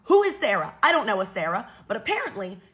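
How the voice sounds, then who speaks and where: A young adult woman telling a story in a casual, animated and exasperated way. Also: medium pitch, fast. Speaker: storytime creator.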